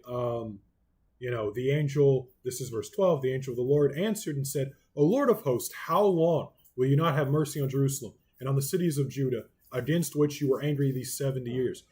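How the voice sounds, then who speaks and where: A man with an Oklahoma accent teaching a Bible study in a relaxed, conversational way, full of ums and you-knows. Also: medium pitch, slightly rough.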